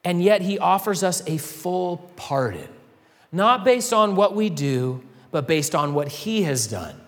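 A male pastor delivers an earnest, conversational sermon, his somewhat high voice ringing with a long reverb through a church sanctuary. He asks his listeners rhetorical questions as he preaches. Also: sing-song, unhurried, a bit bright.

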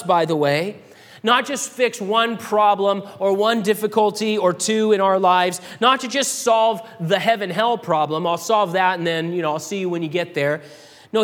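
A man preaching a sermon to a congregation, animated, swinging from loud declarations to hushed lines. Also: sits high. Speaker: pastor. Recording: long hall reverb.

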